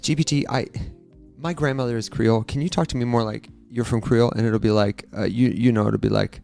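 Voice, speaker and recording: Male podcast host, quick, chatty storyteller, light music bed. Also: mid-range voice. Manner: fast, animated storyteller acting out dialogue. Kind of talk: casual chat with guests.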